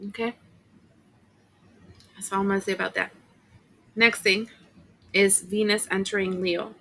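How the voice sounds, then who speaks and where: A woman with a bright, forceful voice talks through a tarot reading in a loose, chatty way. She fills her talk with fillers and asides and gets emotional along the way. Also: mid-range voice, level tone, unhurried, creaky, poor audio. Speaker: tarot reader.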